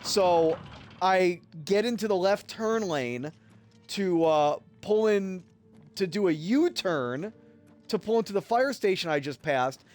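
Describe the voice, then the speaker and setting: A man streaming a game and telling a rambling, profane story in a casual, animated way. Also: high voice, slow pace, soft background music. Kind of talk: casual storytelling while gaming.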